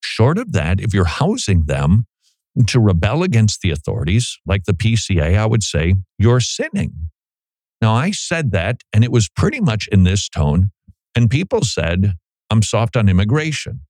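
A middle-aged man, a pastor, giving a folksy, animated commentary with frequent restarts on a close studio mic. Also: fairly low pitch, normal speed, dry recording. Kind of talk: conversational commentary monologue.

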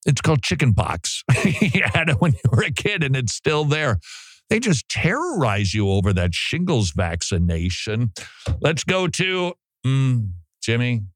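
A man's voice: mid-range voice, sing-song, unhurried, no echo, clean studio sound. A man hosting a radio show, talking in a chatty, joking way and laughing often. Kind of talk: casual radio monologue. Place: radio studio. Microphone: studio microphone.

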